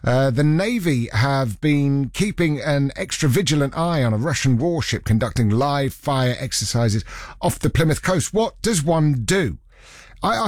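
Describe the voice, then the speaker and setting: A man's voice: fairly high pitch, dry recording, clean studio sound. A man presenting a chatty radio news roundup, slipping in jokey asides. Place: radio studio.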